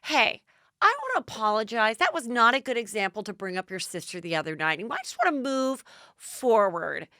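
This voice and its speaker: A woman doing a shrill, dramatic gushing lady. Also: big pitch swings, brisk, pushed and bright, dry recording, studio quality, exaggerated voice. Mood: sweet. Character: impression of a loud, dramatic, bubbly woman.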